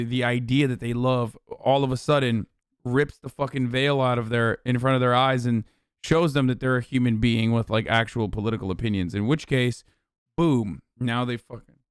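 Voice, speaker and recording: A man streaming a reaction, talking fast and profanely with sarcastic, animated asides. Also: medium pitch, clear, resonant tone, no echo, clean studio sound. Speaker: streamer and political commentator. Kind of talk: live stream reaction commentary.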